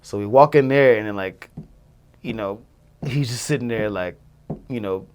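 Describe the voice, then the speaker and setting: A man's voice: on the low side, normal speed, darkish tone, slight background noise. A young man, a music producer, telling a story in casual chat, loose and full of fillers. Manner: loose, filler-heavy, many "like"s, acts out quotes.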